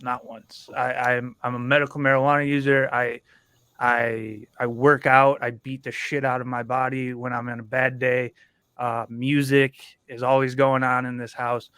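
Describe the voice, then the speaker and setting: A man's voice: mid-range voice, little pitch movement, moderate pace, a bit bright, smooth, no echo. A man in his thirties, a veteran and father, talking candidly and bluntly on a livestream panel and swearing freely. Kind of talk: casual livestream panel talk.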